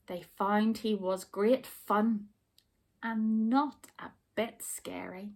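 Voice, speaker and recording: A woman teacher reading a rhyming picture book aloud to children, expressive and stopping to ask about the rhymes. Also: medium pitch, slow. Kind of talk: storybook read-aloud for children.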